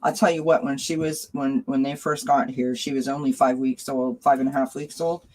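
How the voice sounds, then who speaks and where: A woman's voice: rumbling low, flat delivery, moderate pace, darkish tone. A woman hosting a casual live tarot stream from home, chatting affectionately with viewers by name. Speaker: tarot reader and channel host.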